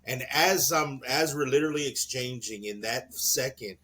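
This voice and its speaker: A man co-hosting a podcast in casual chat, an animated storyteller who laughs often and acts out the people in his stories. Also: mid-range voice, normal speed, breathy edge. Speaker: podcast co-host.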